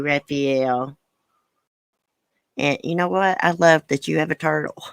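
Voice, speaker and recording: Older woman host with a thick Southern drawl, bright voice, dry close sound, chatty with viewers. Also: deep voice, moderate pace, no echo. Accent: American Southern. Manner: chatty, reads viewer comments aloud. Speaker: livestream host. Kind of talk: casual livestream chat.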